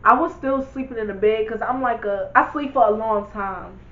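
A woman's voice: a little high, normal speed, echoey room, phone-quality sound. A young woman vlogger telling a casual storytime, candid and blunt, swearing freely and talking to her viewers.

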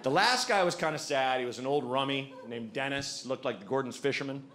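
A man doing a stand-up comedy set before a live audience, telling a story in an animated way and acting out the people in it. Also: mid-range voice, a little fast, heavy background noise.

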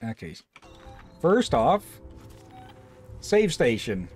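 A man's voice: mid-range voice, huge pitch swings, drawn-out words, darkish tone, husky, faint music behind. A man streaming a co-op game, chatting casually and swearing at what happens on screen. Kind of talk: casual gaming stream chat.

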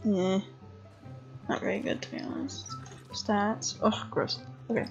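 A tired young woman giving casual commentary on a horse game, chatty and excitable, swearing freely and breaking into gasps and laughs. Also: medium pitch, a little slow, creaky. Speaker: gamer commentator. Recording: dull lo-fi home recording with faint game music.

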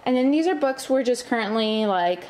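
A woman's voice: a little high, animated, moderate pace, a little mellow. A young woman giving a casual tour of her home homeschool room, chatty and full of fillers, a little out of breath. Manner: chatty, filler-heavy, enthusiastic about products. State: slightly out of breath. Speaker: homeschooling mom vlogger.

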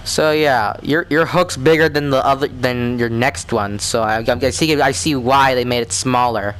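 A man talking through a virtual reality horror game, with excitable, jumpy reactions and rambling asides. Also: mid-range voice, normal speed, clean tone. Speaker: gamer. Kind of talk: let's play commentary.

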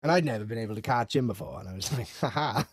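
A man's voice: fairly low pitch, animated, rapid-fire, breathy edge. A man, telling crude school stories in a casual podcast chat, laughing and swearing as he goes. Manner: swearing, laughing, self-mocking anecdotes. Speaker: podcast co-host.

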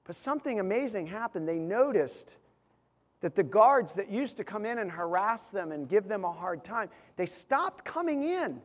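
A pastor preaching a sermon, telling stories and acting out quotes, building to loud emphatic peaks. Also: male voice, sits high, very animated, moderate pace. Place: church sanctuary. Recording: long hall reverb.

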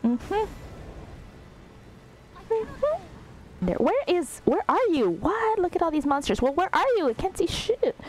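A woman's voice: extremely high pitch, very animated, takes it slowly, pauses often, a little mellow, poor audio. A woman streaming a video game, commenting sarcastically and laughing as she talks back to the characters. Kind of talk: live gameplay commentary.

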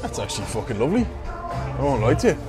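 A man's voice: mid-range voice, very animated, quick pace, over music. A young Irish man chatting casually to camera in a pub, rambling, joking and swearing. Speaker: pub-reviewing vlogger. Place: indoor pub. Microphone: camera mic.

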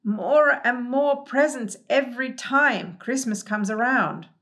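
A woman's voice: on the high side, slow, a bit bright, pitched above the performer's own voice. A woman doing a sullen, mumbling storybook creature. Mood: exasperated. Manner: mumbling, grumbling, exasperated. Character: sullen fretful male troll-like creature.

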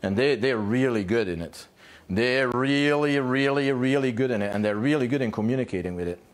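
A man teaching dog owners in a blunt, animated way, swearing freely and checking in with "yeah?". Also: medium pitch, a little fast. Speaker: dog trainer. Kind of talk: informal teaching talk.

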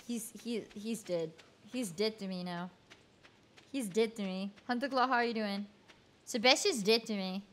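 A woman streamer chatting casually with viewers while she plays, swearing freely. Her voice jumps high when she gets angry. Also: moderate pace, slight background noise. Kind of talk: casual gameplay commentary.

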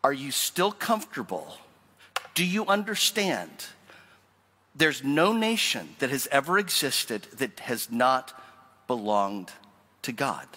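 Animated preacher man in a reverberant hall. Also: medium pitch, slow pace. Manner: animated, emphatic preaching with rhetorical questions. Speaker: pastor. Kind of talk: sermon. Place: church sanctuary.

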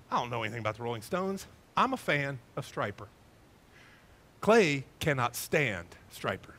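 A man, a pastor preaching a sermon in a church, lively and conversational, telling stories to his congregation. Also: medium pitch. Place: church sanctuary.

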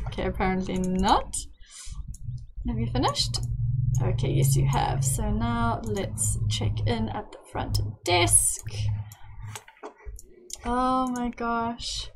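A woman's voice: sits high, a little slow, slight background noise. A young woman commenting on a life-simulation game, gushing and squealing as she narrates her characters. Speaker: gaming YouTuber. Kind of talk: excited Let's Play commentary.

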